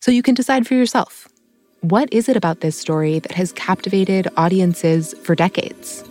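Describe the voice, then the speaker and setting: A woman hosting a podcast, giving measured scripted narration. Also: medium pitch, darkish tone, soft background music. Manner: measured, storytelling. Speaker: podcast host.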